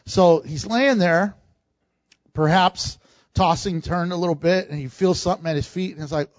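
Animated high-voiced male preacher. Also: moderate pace, dry recording, lo-fi sound. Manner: animated, acts out quoted lines, laughs often. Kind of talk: sermon.

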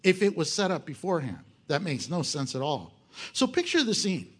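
Male pastor, high voice with big swings in pitch, lively and joking, asks his congregation rhetorical questions. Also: normal speed, husky. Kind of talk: sermon.

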